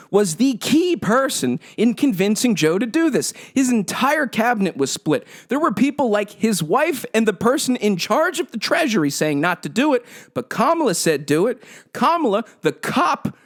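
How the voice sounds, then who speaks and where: Sarcastic, profane man ranting, high voice. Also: sing-song, normal speed, few pauses, fairly bright tone. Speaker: podcast host. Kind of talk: ranting solo podcast commentary.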